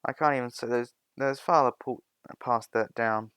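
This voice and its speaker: A man's voice: medium pitch, steady tone, brisk, smooth, no echo, natural voice. A man voicing a boastful, teasing middle-aged father in a fan-made spoken story. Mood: grumbling. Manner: loud, jokey, defensive.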